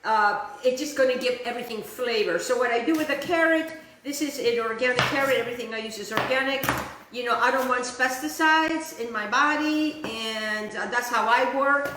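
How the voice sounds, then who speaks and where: A chatty woman with a high voice walks viewers through a recipe, calling them guys and repeating little phrases as she works. Her voice rings out in a very echoey kitchen with a faint hum behind. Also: moderate pace, pushed and bright. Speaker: cooking show host. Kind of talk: casual cooking demonstration.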